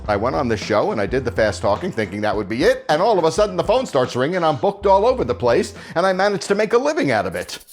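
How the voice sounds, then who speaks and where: A middle-aged American man tells his stories in quick, crisp bursts. His pitch bounces all over as he goes. Music plays under the interview. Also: big pitch swings. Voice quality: crisp rapid-fire articulation. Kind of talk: animated interview storytelling.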